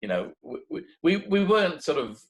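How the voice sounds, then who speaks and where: Slightly high and a bit quick, the voice belongs to a middle-aged Australian man, a make-up effects artist appearing as an interview guest. His storytelling is lively and relaxed, full of restarts and acted-out quotes, heard on a rough recording.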